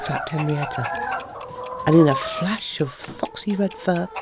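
A woman narrating a children's storybook with a lively, expressive reading. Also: sits low, unhurried, very noisy. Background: soft music.

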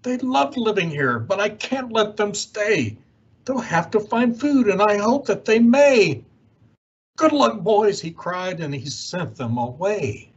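Man, storybook read-aloud, unhurried, lively pitch, dull lo-fi sound. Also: husky. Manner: expressive rhyming read-aloud, swooping delivery. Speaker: youth organization director.

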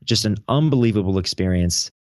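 A young man telling a story in an animated way as a podcast guest. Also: lowish voice, brisk, no echo, studio quality. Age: young adult. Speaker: podcast guest, teen podcast host. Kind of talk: casual interview storytelling.

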